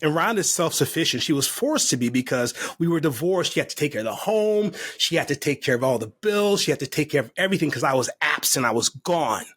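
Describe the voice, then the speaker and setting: A man's voice: on the high side, lively intonation, fast, few pauses, a bit bright, no echo. A man on a podcast as a guest, telling his story of recovery in a heartfelt, faith-filled way. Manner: earnest, heartfelt and emotional. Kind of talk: personal testimony in conversation.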